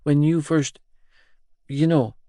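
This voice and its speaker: A shy teenage girl in an audiobook, her voice pitched up and asking nervous, halting questions, as a male narrator puts her on. She speaks slowly, and the recording is close and dry. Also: steady tone, warm tone, no room sound. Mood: nervous, curious. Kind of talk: audiobook dialogue.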